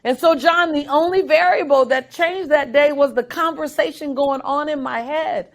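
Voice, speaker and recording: A middle-aged woman, a guest, telling a story with dramatic, animated delivery. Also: high-pitched, normal speed. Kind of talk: storytelling interview.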